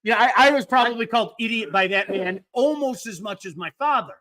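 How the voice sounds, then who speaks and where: A man hosting a casual hockey watch party, telling stories animatedly and stumbling over repeated words when excited. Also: high-pitched, brisk. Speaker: host. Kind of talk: casual chat.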